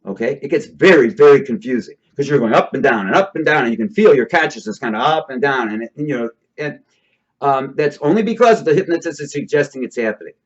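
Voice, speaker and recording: A man's voice: mid-range voice, expressive, fast talker. A man casually explaining a topic to his audience, rambling a bit and checking in with listeners as he goes. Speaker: host explaining hypnosis. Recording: dull lo-fi recording.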